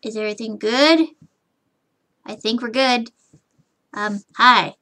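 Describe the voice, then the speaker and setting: Higher-voiced woman muttering while she draws. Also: slow pace, sharp tone. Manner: rambling self-talk, muttering and humming while working; frustrated, swears casually. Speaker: streamer. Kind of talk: live drawing stream chatter.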